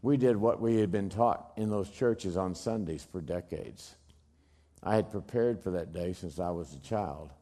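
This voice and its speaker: A middle-aged man giving a dramatic storytelling speech, emphatic, swinging from loud bursts to hushed low lines. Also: unhurried. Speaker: speaker telling a personal story.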